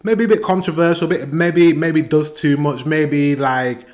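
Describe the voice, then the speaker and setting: A man's voice: on the high side, fairly even intonation, measured pace, a little mellow. A British man hosting a reaction video, reading out translated song lyrics and chatting through what they mean. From Britain. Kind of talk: casual reaction commentary.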